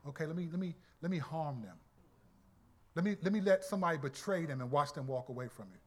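A man voicing God as a calm, casual, unbothered deity in an offhand everyday manner. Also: a little high, fast. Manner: casual, breezy, colloquial.

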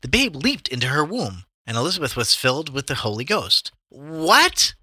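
A man's voice: medium pitch, big pitch swings, fairly quick, bright, forceful tone, breathy edge, no room sound. A man casually reading Bible verses aloud to friends in a joking chat, with a mock-solemn cadence. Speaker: co-host reading scripture aloud.

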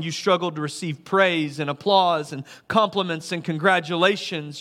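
A man preaching a sermon as a pastor, earnest, swelling to emphatic and then dropping soft. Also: on the high side.

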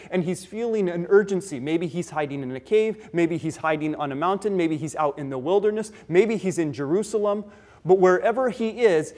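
A man preaching a sermon, earnest, slowing down and speeding up and getting louder or softer for emphasis. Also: high voice. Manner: earnest, varies pace and loudness for emphasis. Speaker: pastor.

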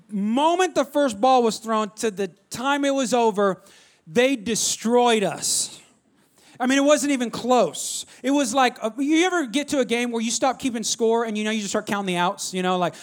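A man's voice: extremely high pitch, moderate pace. A young adult male pastor preaching to his church, telling a self-deprecating story and speaking directly to the congregation. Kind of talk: sermon.

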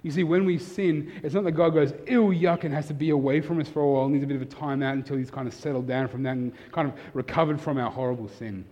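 A male pastor preaches with a middle-pitched voice that rises into emphatic bursts and drops to near-whispers. His words ring out in a hall with a long reverb tail. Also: fairly even intonation, fast talker, hardly any pauses, lo-fi sound. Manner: emphatic, swings from loud to soft and intimate. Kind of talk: sermon.

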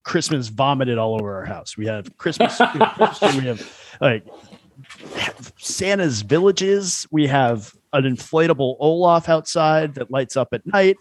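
A man's voice: mid-range voice, animated, moderate pace, a little hiss or hum. A man in his thirties telling stories in casual chat, rambling and leaning hard on filler words. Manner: rambling storyteller, heavy on "like" fillers, laughs at own jokes. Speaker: podcast guest.

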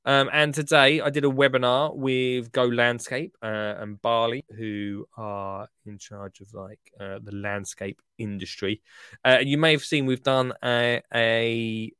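A man's voice: mid-range voice, fairly even intonation, a little slow, pushed and bright, clean tone, no echo, studio quality. A man hosting a podcast in a chatty, rambling, jokey way. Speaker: podcast host. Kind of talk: casual podcast chat.

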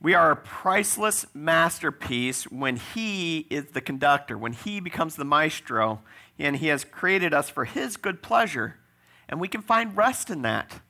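A man preaching a sermon with a fairly high, bright voice. A gravelly edge runs through his speech as he talks easily with the congregation, tossing in quick "right?" asides. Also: lively intonation. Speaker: pastor.

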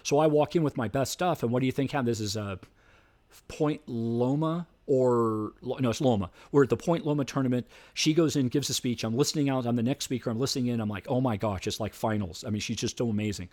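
Middle-aged male debate coach, lively storyteller who acts out voices, mid pitch. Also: fast. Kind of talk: storytelling interview.

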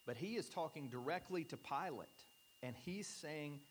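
A man's voice: on the high side, expressive, a little hiss or hum. Earnest man preaching a sermon. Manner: earnest, emphatic, slows down for key points. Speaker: pastor.

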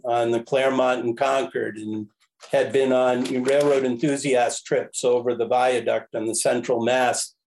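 A man, a podcast guest, telling a casual story in a rambling, animated way, often correcting himself. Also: mid-range voice, poor audio. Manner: animated, rambling, self-correcting with frequent chuckles. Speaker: podcast guest, railroad history enthusiast.

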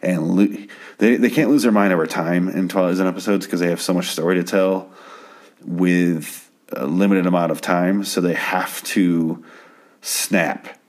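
A man's voice: deep voice, fairly even intonation, a little slow. A man casually recapping a TV episode at home, rambling and stammering with plenty of swearing. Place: home at night.

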